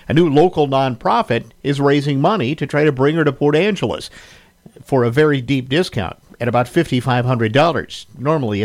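A man announcing local news on a small radio station, with a brisk, plain announcer delivery. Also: medium pitch.

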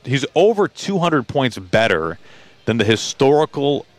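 A man's voice: medium pitch, very animated, unhurried, dry recording. A man hosting a pregame radio show, chatty and playful and full of stats. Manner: chatty, stat-heavy, playful. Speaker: radio sports host. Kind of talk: pregame sports talk.

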